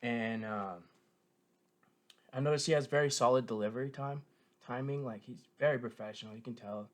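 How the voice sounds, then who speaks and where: A man talks through his thoughts in an easygoing, meandering way, leaning on fillers and restarting his sentences. His pitch sits in the middle range for a man. He sounds like an eager fan chatting straight to his viewers. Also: moderate pace. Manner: meandering, filler-heavy, frequent self-corrections; enthusiastic fan tone. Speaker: show reviewer. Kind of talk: casual rambling commentary.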